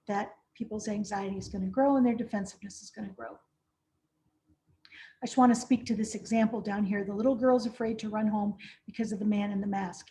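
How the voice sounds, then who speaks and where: A woman's voice: on the high side, dark tone. A woman presenting a training session, practical and direct, often checking in with "right?". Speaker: conference trainer.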